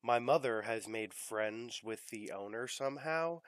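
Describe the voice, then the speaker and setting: A man's voice: mid-range voice, a little slow, no echo. A young man hosting a casual podcast chat, rambling with fillers and the odd swear word. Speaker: podcast host.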